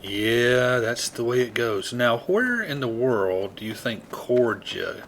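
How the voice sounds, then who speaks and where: Casting: a rural Southern American man, rambling game commentary, mid-pitched and easygoing. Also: lively intonation, slow pace, a bit bright, a little hiss or hum. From Southeast United States. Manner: rambling, self-deprecating, chatty. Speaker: gaming video host.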